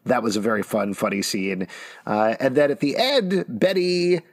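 A man's voice: mid-range voice, normal speed. A man hosting a casual TV recap podcast, walking through the episode with dry jokes. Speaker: podcast host.

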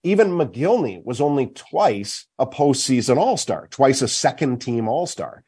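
A man's voice: medium pitch, sing-song, moderate pace, a little mellow, husky. A man hosting sports talk at a golf charity event, making an emphatic case point by point. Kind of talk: opinionated hockey talk.

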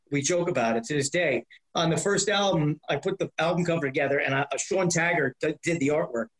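A middle-aged comedian telling lively anecdotes in an interview, acting out the voices of the people in them and swearing freely. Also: male voice, a little high. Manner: profane, acts out voices in anecdotes. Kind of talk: animated storytelling. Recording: roomy echo.

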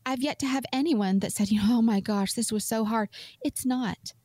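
A woman's voice: a little high, normal speed, a little mellow, no echo. A middle-aged woman, a financial advisor chatting as a radio show guest in an upbeat, reassuring way. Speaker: financial advisor and firm CEO.

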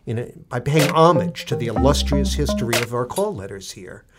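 A man co-hosting a podcast, relaxed, wrapping up the episode with fillers. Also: mid-range voice, fairly quick, over loud music. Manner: relaxed, plugs the show with fillers. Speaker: co-host. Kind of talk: casual podcast chat, show sign-off.

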